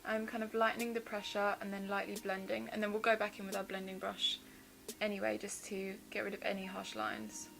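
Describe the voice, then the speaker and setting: A woman's voice: mid-range voice, fairly quick, creaky, fairly bright tone, poor audio. A young woman in her twenties, chatting enthusiastically as she walks through a makeup tutorial step by step. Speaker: beauty vlogger. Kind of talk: casual makeup tutorial narration. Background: background music.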